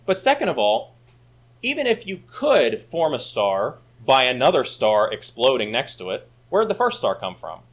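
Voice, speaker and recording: A man leads a Sunday school class in a church, lecturing with emphatic conviction. His pitch moves through a wide, animated range, climbing high when he presses a point. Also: normal speed. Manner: emphatic, rising to argue points.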